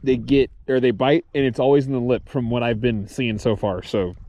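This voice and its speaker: A man vlogging his solo fishing trip outdoors, talking excitedly to the camera and the fish he catches, swearing casually as he films himself. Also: medium pitch, moderate pace, slight background noise. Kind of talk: excited outdoor vlog commentary. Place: outdoors on a reservoir shore.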